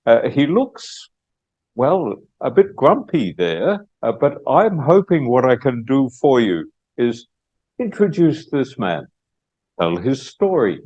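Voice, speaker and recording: An Australian man giving a public lecture as guest speaker, unhurried and with many hesitations. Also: medium pitch, sing-song, warm tone, dull audio.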